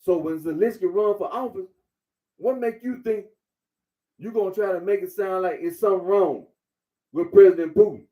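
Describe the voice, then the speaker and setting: A man's voice: sits high, moderate pace, long pauses, warm tone. A man giving a blunt, repetitive monologue, lecturing the listener directly. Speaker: commentator. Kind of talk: casual monologue.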